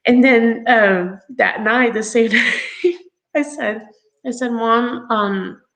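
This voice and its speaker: A grown woman telling her own story as an interview guest, chatty and halting with many ums and laughs along the way. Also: fairly high pitch, very noisy. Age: adult.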